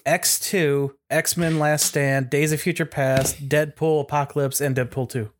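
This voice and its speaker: A man with a higher-than-usual voice joining a casual film chat. He jumps in eagerly with filming trivia and lists facts. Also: steady tone, unhurried.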